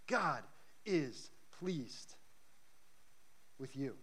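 A man's voice: mid-range voice, very animated, very slow, a bit bright, slightly rough. A man preaching a sermon to a church congregation, earnest and emphatic, telling stories to make his points. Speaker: pastor. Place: church service.

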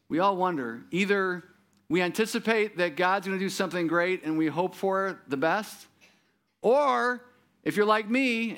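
A male pastor delivers a sermon in an easy, conversational way, pitched a little higher than most men. He keeps turning to the listeners with rhetorical questions and checks like "right?". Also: fairly bright tone.

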